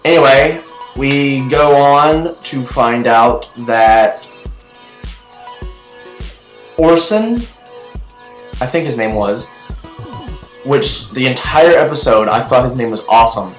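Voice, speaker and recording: A young man rambles through a TV episode review, excitable and chatty, stumbling over restarts. His voice sits in the middle of the usual male range and bounces around an echoey room, with faint music underneath. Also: mid-range voice, slow.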